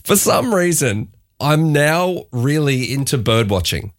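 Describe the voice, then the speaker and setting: A man's voice: on the high side, expressive, measured pace. An Australian man in his forties co-hosting a podcast, chatting casually and joking at his own expense with frequent laughs. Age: 40s. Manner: joking, self-mocking, laughs often. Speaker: podcast co-host. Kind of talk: casual chat.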